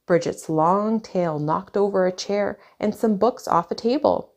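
A woman reading a children's picture book aloud, clear and expressive. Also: mid-range voice, measured pace. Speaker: storyteller.

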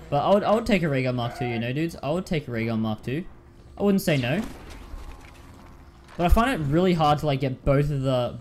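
A man's voice: mid-range voice, a little mellow, slight background noise. A man giving casual commentary while playing a video game, repeating himself and calling listeners dude and man. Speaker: gaming YouTuber.

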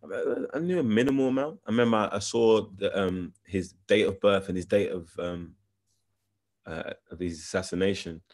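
Deep-voiced man with a London accent. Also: moderate pace, a little mellow. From England. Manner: thoughtful, searching for words with restarts. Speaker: actor, interview guest. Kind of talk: casual interview answers.

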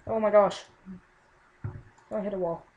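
A woman's voice: mid-range voice, fairly even intonation, unhurried, narrow, tinny audio, a little hiss or hum. A young woman casually commenting on her own gameplay, exclaiming often and muttering under her breath.

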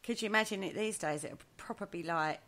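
A woman co-hosting a casual chat show, animated and quick to laugh, leading the discussion. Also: medium pitch, a crowd in the background. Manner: animated, laughs often, leads the topic. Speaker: podcast co-host.

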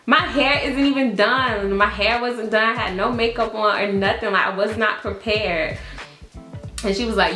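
A woman's voice: mid-range voice, moderate pace, fairly bright tone, echoey room, soft background music. A woman, telling a casual storytime as a vlogger, chatty and laughing, full of "like" and "y'all". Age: early 20s.

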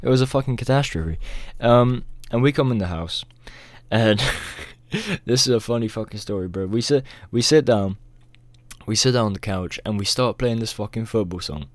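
A man's voice: on the low side, moderate pace, no room sound. A young man telling a rambling, profane storytime as a vlogger, peppering his talk with "bro". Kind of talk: casual storytime.

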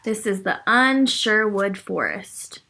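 A woman reading a picture book aloud to children, gently stopping to ask them questions. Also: mid-range voice, expressive, takes it slowly, creaky. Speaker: children's story reader. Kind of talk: read-aloud storytime for children.

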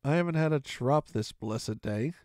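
A man voicing a sick, drunken old male sea captain who talks slowly in a gruff sailor's drawl for a storybook reading. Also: medium pitch, darkish tone, dry recording, clean studio sound, voice pushed down, natural voice. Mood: pleading. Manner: slow, gruff sailor talk with heavy drawl. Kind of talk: audiobook reading.

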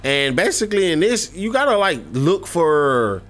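His voice fairly high and bright with big pitch swings, a male gaming YouTuber commentates his gameplay at a moderate pace while soft music plays behind him. He's casual and rambling, full of fillers and restarts, speaking right to viewers.

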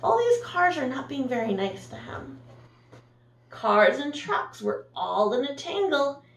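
A woman's voice: sits high, sing-song, unhurried, vocal fry, echoey room, far from the mic. A woman teacher reading a picture book aloud to her class in a storytime voice, gasping and asking the children questions. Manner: warm, sing-song, gasps and asks the listeners questions.

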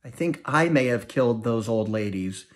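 A man's voice: mid-range voice, expressive, moderate pace, natural voice. A man voicing an anxious, emotional middle-aged mother in an audiobook reading. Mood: distraught. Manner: anxious, emotional, prone to dramatics. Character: fretful thrifty small-town mother, middle-aged woman.

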